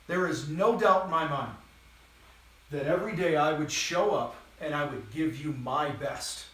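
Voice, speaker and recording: Energetic male coach, blunt and casual, slightly high-pitched, recorded off-mic in a very echoey room. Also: measured pace, recorded from a distance. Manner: blunt, casual and energetic, swears now and then. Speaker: host and business coach for contractors. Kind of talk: live training talk to a camera. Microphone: distant mic, moves around while talking.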